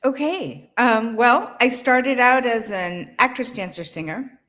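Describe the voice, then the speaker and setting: Bright-voiced middle-aged woman on a video call. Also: fairly high pitch, a little slow. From Boston, USA. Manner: candid, chatty, laughs often. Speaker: guest author. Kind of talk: casual interview chat.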